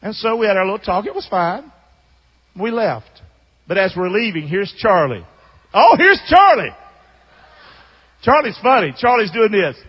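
A man preaching a sermon as a pastor, telling stories in an animated way that swings from loud to hushed. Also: high-pitched, normal speed, long pauses, breathy edge, dull audio. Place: church sanctuary. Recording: long hall reverb.

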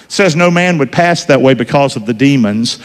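A man preaching a sermon in a church, folksy, quizzing the congregation and swinging between loud and hushed. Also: mid-range voice, animated, brisk. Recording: reverberant church hall.

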